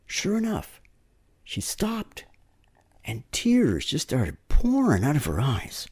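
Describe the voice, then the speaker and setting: A man's voice: on the high side, wildly swooping pitch, normal speed, mellow. A man preaching a sermon, telling stories conversationally and checking in with "right?" tag questions.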